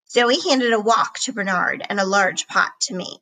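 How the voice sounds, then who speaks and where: A woman reading a children's chapter book aloud in an expressive storybook narration. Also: mid-range voice, normal speed, hardly any pauses, poor audio. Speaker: reader.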